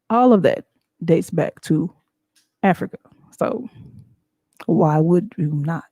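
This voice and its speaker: Mellow-voiced woman, emphatic show host. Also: fairly low pitch, unhurried, pauses often, no echo, muffled recording. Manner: animated, emphatic, laughs often. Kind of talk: casual talk-show monologue.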